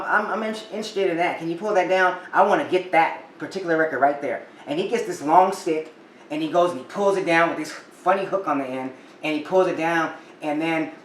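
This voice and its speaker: A man telling a story in casual chat to camera, chatty and full of restarts as he talks about his records. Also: on the high side. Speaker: vinyl collector vlogger. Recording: roomy echo, a bit off-mic, faint room noise.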